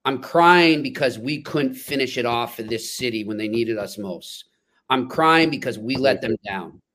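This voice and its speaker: A man co-hosting a sports podcast, telling stories in an animated, emphatic way. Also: medium pitch, moderate pace. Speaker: podcast co-host. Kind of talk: casual sports chat.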